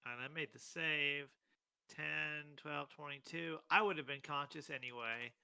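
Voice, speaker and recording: A man playing a tabletop game, speaking quietly and wryly. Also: on the high side, fairly even intonation, a little slow, vocal fry, noisy background. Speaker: player. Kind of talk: casual tabletop game play.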